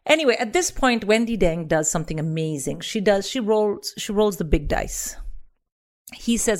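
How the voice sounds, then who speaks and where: A woman from India, a comedian guest, telling a story in a lively comic style and putting on the voices of the people in it. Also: on the low side, a little fast.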